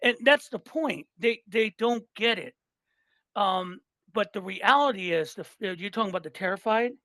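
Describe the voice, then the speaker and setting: A man on a podcast as a guest in casual chat, animated and swearing freely, retelling comedy bits and repeating himself for emphasis. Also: sits high, normal speed, dry recording.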